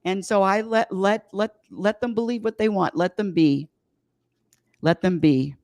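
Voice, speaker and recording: A woman's voice: mid-range voice, a little slow, dry recording, clean studio sound. A woman who teaches happiness classes, talking casually as an interview guest, emphatic and repeating her points. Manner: emphatic, repeats phrases, sudden loud bursts.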